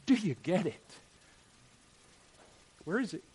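A man preaching a sermon, animated, firing off rhetorical questions and checking in with "right?". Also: sits high, takes it slowly, a little hiss or hum. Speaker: pastor.

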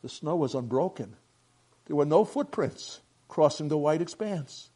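Older man reading a story aloud, husky. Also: a little high, animated, a little slow, warm tone. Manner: earnest, moved, plain reading with small slips.

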